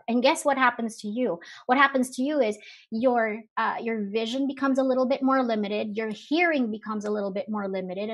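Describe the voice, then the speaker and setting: A woman presenting a live webinar, talking casually with many fillers and rhetorical questions. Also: fairly high pitch. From Philippines. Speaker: webinar speaker.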